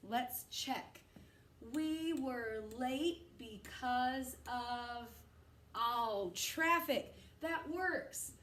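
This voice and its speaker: A woman teaching first graders, slowly thinking aloud step by step as she works through a worksheet. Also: high voice. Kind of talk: modeling a worksheet out loud. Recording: echoey room, voice away from the mic.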